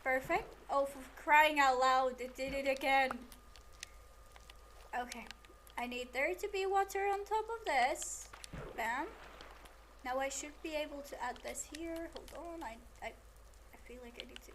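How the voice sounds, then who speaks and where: A woman's voice: sits high, a little slow, pauses often, a bit bright, slight background noise. A woman streamer giving casual commentary while building in a game, talking to the game and repeating herself when it won't cooperate. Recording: game music playing underneath.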